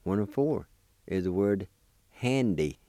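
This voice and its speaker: Slow deep-voiced man teaching pronunciation. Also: lively intonation, warm tone, dry recording. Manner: slow and deliberate, repeating each syllable. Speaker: language teacher. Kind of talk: spelling and pronunciation lesson.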